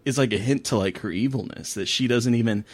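Chatty podcast co-host, laughing. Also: male voice, medium pitch, fast talker. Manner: enthusiastic, laughing often. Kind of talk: casual chat.

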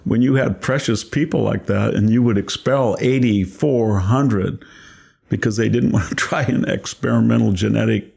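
A man's voice: lowish voice, normal speed, creaky, slightly rough. An older man hosting a podcast, discussing politics casually in an emphatic, repetitive way. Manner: emphatic, forceful, repeats phrases for effect. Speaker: podcast host.

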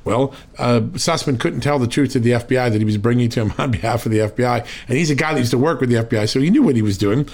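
Male interview host, measured and questioning, political talk. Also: mid-range voice, a little mellow.

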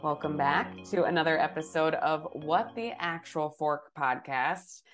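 A young woman co-hosting a casual podcast chat, speaking while sick with a hoarse voice, candid and swearing casually. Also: sits low, unhurried, a bit bright, faint music behind. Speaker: podcast co-host.

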